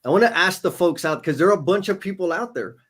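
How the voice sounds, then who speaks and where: A man with a fairly high voice chats casually as co-host of a livestream. He reads viewer comments aloud and turns emotional, close to tears. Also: animated, quick pace, fairly bright tone, husky.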